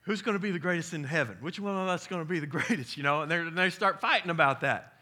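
A man, preaching a conversational, animated sermon as pastor. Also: fairly high pitch, fast.

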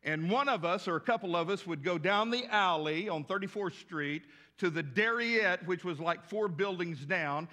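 A pastor, telling folksy anecdotes in an animated storytelling sermon. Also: male voice, sits high. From West Texas. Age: 60s.

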